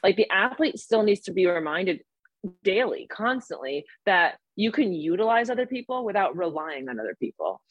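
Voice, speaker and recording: A woman with a New York accent, a mental performance coach explaining things step by step in an energetic podcast interview. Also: mid-range voice, moderate pace, dry recording. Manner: energetic, explains in steps with examples.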